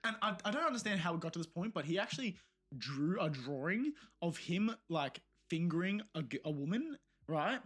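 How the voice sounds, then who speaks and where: A young man co-hosting a podcast, telling stories in casual chat, animated and laughing, swearing freely. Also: high-pitched, brisk, husky. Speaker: podcast co-host.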